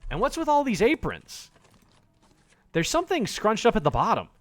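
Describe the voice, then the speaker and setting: A man's voice: sits high, normal speed, dry recording, soft background music. A man streaming a video game, reading it aloud and joking around with lots of swearing. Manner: animated, jokey, swears often. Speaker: gaming streamer.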